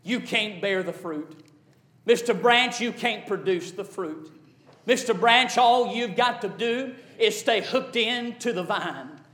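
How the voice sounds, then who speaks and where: A man preaching a sermon voices a kindly little songbird that gives gentle counsel, in a soft, coaxing tone. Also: sits high, slow pace. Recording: echoey church sanctuary.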